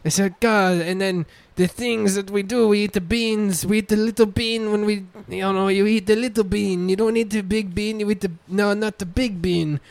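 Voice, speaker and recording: Man as a high-voiced, dry-sounding rambler, fake accent, stumbles over words. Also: fairly even intonation, normal speed, vocal fry, few pauses, fairly bright tone, dry recording, heavily acted. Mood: rambling. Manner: exaggerated fake accent, stammering repetitions. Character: rambling Portuguese-American guy from Fall River. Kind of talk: comedic character bit.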